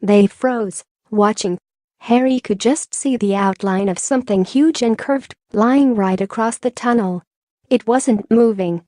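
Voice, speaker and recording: A woman reading an audiobook in measured, even storytelling narration. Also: fairly high pitch. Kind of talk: scripted narration.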